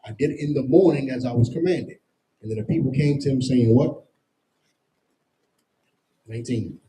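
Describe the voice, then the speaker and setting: This scripture teacher has a warm, medium-pitched voice at normal speed, heard on a rough recording. He delivers a Bible lesson in plain street talk, leaning on slang and everyday comparisons, emphatic and always asking "you understand?".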